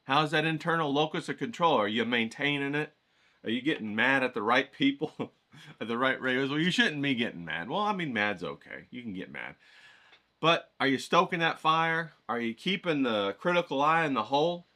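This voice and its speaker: Hyped, bright-voiced male vlogger. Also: medium pitch, expressive, moderate pace. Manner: hyped, folksy, swears freely, talks to viewers directly. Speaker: watercolor vlogger. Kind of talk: casual motivational pep talk to camera.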